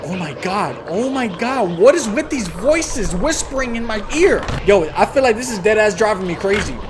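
A man's voice: high-pitched, lively intonation, moderate pace, noisy background. A young man streaming a horror game, talking in slang, swearing and crying out at every scare. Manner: jumpy, loud outbursts, swearing slang. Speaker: gaming channel host.

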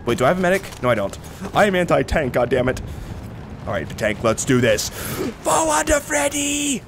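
A young man giving jokey, profane commentary while playing a shooter game, swinging between yells and mutters. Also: medium pitch, lively intonation, quick pace. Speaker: gaming video host. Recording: game gunfire loud under voice. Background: gunfire and battle noise from the game.

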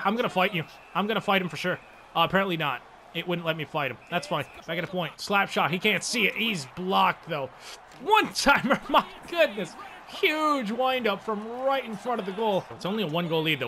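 Excitable young man ranting over a hockey game. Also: fairly high pitch, slight background noise. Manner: excitable, swings between frustrated outbursts and muttered asides, swears often. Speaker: gaming channel host. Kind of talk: live gameplay commentary.

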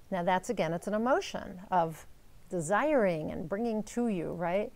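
A woman teaching in a casual, coaching way, checking in often with quick "right?" and "okay?" asides. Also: medium pitch, animated, a little mellow. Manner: coaching, upbeat, uses rhetorical "right?" and "okay?". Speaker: manifestation coach.

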